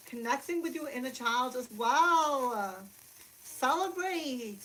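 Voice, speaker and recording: A woman hosting a spiritual livestream from her room, giggly and excitable, laughing often, speaking to a camera set far across the room. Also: high-pitched, slow pace, a little hiss or hum. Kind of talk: casual livestream chat. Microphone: camera mic from across the room.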